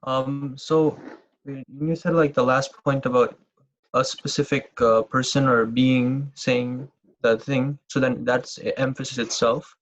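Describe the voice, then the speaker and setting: A man's voice: mid-range voice, fairly even intonation, unhurried. A male student asking a question in an online class, hesitant and searching for words. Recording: dull, muffled call audio.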